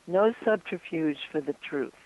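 A woman calling in to a radio show and reading her poem aloud in an earnest, deliberate way. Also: low-pitched, animated, a little mellow. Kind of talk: poetry reading on a phone call. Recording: muffled phone line.

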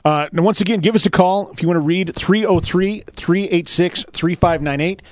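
A man's voice: high-pitched, moderate pace, no echo. A man co-hosting a radio show, joking with his co-host and laughing often. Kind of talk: casual radio chat.

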